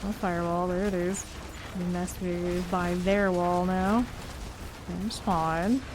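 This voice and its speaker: A woman's voice: fairly low pitch, steady tone, slow pace, noisy background. A woman streaming a game live, thinking aloud and calling out enemies as they appear. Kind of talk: live gameplay commentary.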